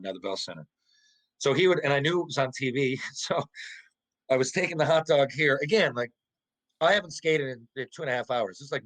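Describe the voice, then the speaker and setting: Profane, rambling middle-aged storyteller. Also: male voice, poor audio. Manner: lively, profane, stumbling restarts, jumps into high voices for quotes. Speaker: podcast guest, former pro hockey player. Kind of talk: casual storytelling anecdote.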